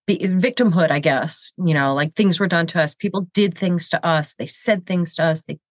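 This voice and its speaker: A woman's voice: lowish voice, moderate pace, no echo. A woman in her fifties with a cold and a congested voice, chatting candidly and self-deprecatingly as a show host, rambling with frequent restarts. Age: 50s. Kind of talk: casual confessional chat. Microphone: video camera.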